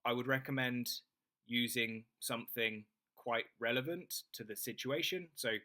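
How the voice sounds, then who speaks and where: A young adult man, teaching greetings in an online lesson and saying each model phrase slowly and clearly for learners to repeat. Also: mid-range voice, pushed and bright. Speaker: English tutor.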